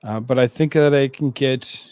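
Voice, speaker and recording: A man hosting a live stream, chatting casually with his viewers, rambling and halting, with many fillers and restarts. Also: medium pitch, darkish tone, clear, resonant tone, dry recording. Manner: talks to chat viewers between asides.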